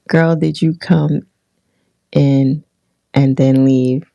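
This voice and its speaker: A woman's voice: sits low, slow pace, vocal fry, long pauses, mellow, no echo. A woman hosting a casual livestream, chatting with viewers in a rambling way with many restarts and fillers. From Philadelphia area. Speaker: livestream host.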